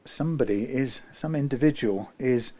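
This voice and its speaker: A man working as a guitar technician who muses aloud while he works, rambling and often trailing off into quiet muttering. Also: medium pitch, normal speed.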